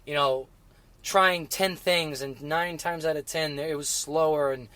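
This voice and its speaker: A middle-aged man telling racing stories in casual conversation, halting and full of restarts, growing emotional as he remembers. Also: on the high side, steady tone, pushed and bright, dry recording. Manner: halting, many restarts and fillers, emotional when recalling. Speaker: guest. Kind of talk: casual interview chat.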